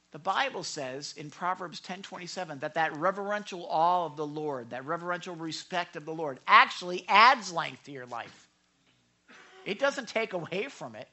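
Male pastor, high bright voice, emphatic sermon, shifts from loud to hushed.

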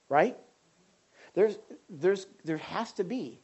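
Woman preacher, low husky voice, lively pitch, chatty sermon full of questions to the room. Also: measured pace. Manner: asks the audience questions, frequent restarts. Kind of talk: conversational sermon.

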